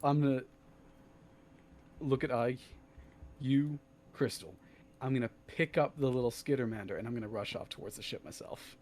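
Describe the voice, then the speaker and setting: A man's voice: mid-range voice, moderate pace, pauses often, a little mellow, a little hiss or hum. A man player in a tabletop game who speaks in a plain, matter-of-fact way.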